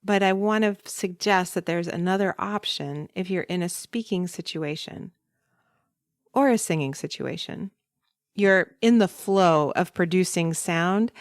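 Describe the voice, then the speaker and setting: A woman voice coach explaining breathing in a calm, instructive podcast monologue. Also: lowish voice, smooth, no room sound, clean studio sound.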